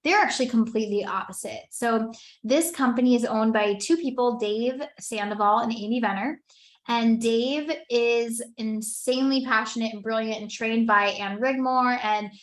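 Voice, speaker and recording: A woman's voice: a little high, moderate pace. A woman in her thirties giving an earnest, conversational personal testimony as a wellness business presenter, with many "like" fillers.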